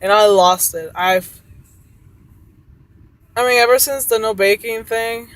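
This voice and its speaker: A woman's voice: on the high side, slow, no echo, rough recording. A woman who works as a cook, frustratedly venting about her job and swearing often.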